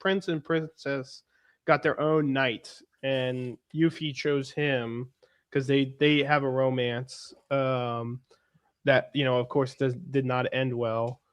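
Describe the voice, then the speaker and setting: A man co-hosting a podcast in casual chat, halting and repeating words as he thinks. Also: medium pitch, flat delivery, clean tone. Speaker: podcast co-host.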